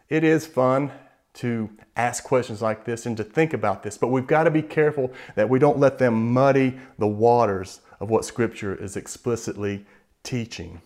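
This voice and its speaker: A man preaching a sermon in an earnest, measured way, slowing down to stress key words. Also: mid-range voice, darkish tone.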